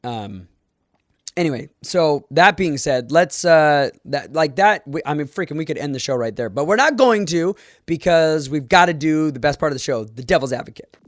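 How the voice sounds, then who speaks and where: A man's voice: fairly high pitch, animated, normal speed, dry recording. A young man hosting a solo podcast, talking in a casual, rambling way with fillers and little laughs. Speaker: podcast host.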